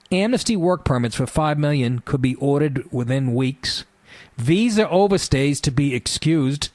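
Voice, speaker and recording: A man's voice: mid-range voice, animated, moderate pace, a little mellow, no echo. A man hosting a talk radio show, delivering a sarcastic, profane rant.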